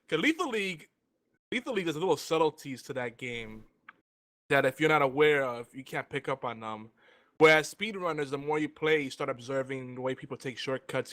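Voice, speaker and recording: A man talking casually as a guest on a round-table gaming show while eating, his talk rambling and relaxed. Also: medium pitch. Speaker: guest panelist.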